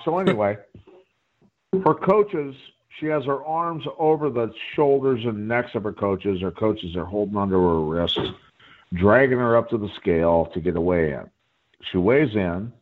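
A man guest telling a rambling story in a profane, animated way during a casual chat. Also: lowish voice. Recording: phone-like line.

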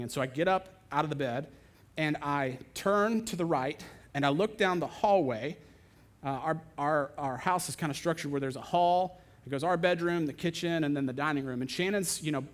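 A young adult man, a pastor, preaching a sermon and telling a story with lively, animated delivery. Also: fairly high pitch. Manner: animated storytelling, acting out other voices.

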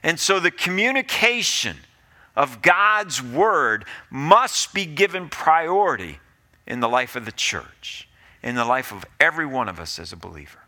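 A man's voice: fairly high pitch, sharp tone. A male pastor preaching a sermon in an earnest, pleading way, often repeating his phrases.

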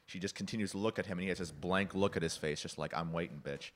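Deep-voiced man telling film stories. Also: racing, slight background noise. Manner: animated storytelling, acts out quoted lines, laughs often. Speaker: podcast guest discussing film. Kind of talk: casual chat.

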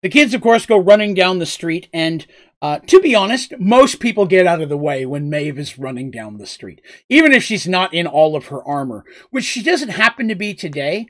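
A man narrating a tabletop role-playing game as game master, in a loose, rambling way with frequent asides. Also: high-pitched.

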